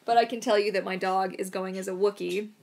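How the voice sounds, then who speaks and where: A woman's voice: mid-range voice, fairly even intonation, fast, vocal fry, a little mellow. A woman casually answering viewer questions on a live stream, chatty and rambling, unwell with throat trouble. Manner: chatty, rambling, soothing her dog in whispers.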